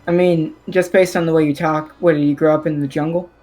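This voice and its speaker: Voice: medium pitch, level tone, fairly quick, darkish tone, faint music behind. A tabletop player voicing a mouthy young fairy girl with a smug, teasing manner.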